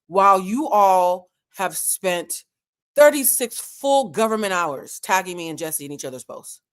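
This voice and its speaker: A woman's voice: medium pitch, animated, unhurried. A woman hosting a commentary channel, talking straight to her viewers in an impassioned, lecturing rant full of pointed rhetorical questions. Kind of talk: direct-to-camera commentary rant.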